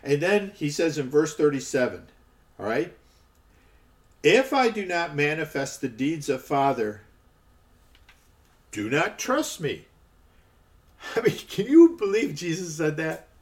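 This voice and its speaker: A man's voice: fairly high pitch, very animated, slow, long pauses. A man giving a conversational podcast Bible teaching, often checking in with "okay" and stressing the quoted lines.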